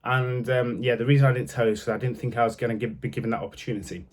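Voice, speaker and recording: A young man tells his own story to camera in a blunt, casual way, swearing freely and moving between anger and quiet regret. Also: mid-range voice, fairly even intonation, rapid-fire, few pauses.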